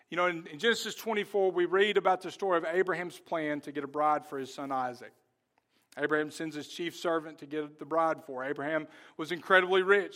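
A male pastor delivers a sermon in church, his voice sitting a little high for a man. He talks earnestly and directly to the congregation, throws questions out to them, and stretches key words slowly for weight. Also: a bit bright.

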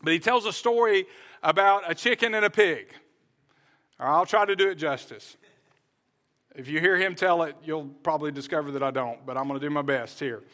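A man preaching with a high, bright voice. He delivers his sermon earnestly, leaning on repeated phrases and sometimes restarting a thought. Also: normal speed. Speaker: pastor.

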